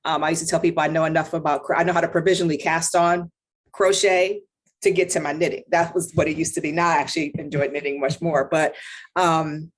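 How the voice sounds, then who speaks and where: A woman with a somewhat low voice recounts her life in a relaxed interview. Her talk is chatty and full of asides, with a laugh never far off. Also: quick pace. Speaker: yarn shop owner and podiatrist. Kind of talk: conversational interview storytelling.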